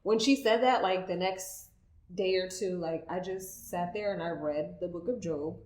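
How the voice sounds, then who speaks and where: A woman's voice: fairly low pitch, moderate pace, a little mellow. A woman on a podcast who tells a personal story emotionally, with lots of "like" fillers. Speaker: guest co-host. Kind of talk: casual podcast chat. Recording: echoey room.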